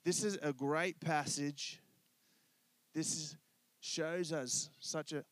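Male pastor, relaxed joking sermon, dry close-miked voice. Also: fairly high pitch, slow, dry recording. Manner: conversational, joking, asks congregation to respond. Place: church.

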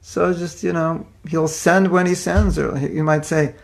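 A man preaching in a loose, conversational way, trading personal stories with self-deprecating humor. His voice sits a bit high for a man and has a gravelly, creaky texture. He stumbles and restarts often as he talks. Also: fairly even intonation, measured pace, few pauses. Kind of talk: informal sermon with personal stories.

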